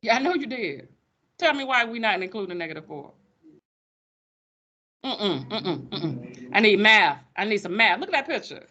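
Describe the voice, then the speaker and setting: A woman's voice: mid-range voice, big pitch swings, moderate pace, pauses often, sharp tone, highs cut off, slight background noise. A woman teaching a math class, sassy and playful with her students. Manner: sassy, playful, calls students sugar baby.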